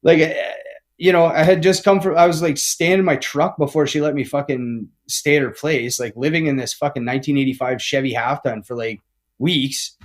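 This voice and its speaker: A man's voice: a little high, steady tone, moderate pace. A man in his forties, a podcast guest telling his recovery story candidly, swearing a lot, tagging lines with "right?" and "man" and restarting often. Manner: rambling with frequent restarts.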